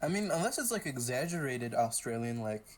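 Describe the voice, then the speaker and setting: Young man, casual podcast co-host, teasing and argumentative, mid-pitched. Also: big pitch swings, brisk. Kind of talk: casual chat.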